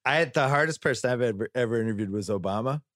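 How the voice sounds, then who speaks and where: A man's voice: mid-range voice, very fast, a bit bright, no echo, clean studio sound. A middle-aged man hosting a podcast, chatting casually and jokily with sports metaphors. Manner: jokey, sports metaphors, riffs eagerly. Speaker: podcast host.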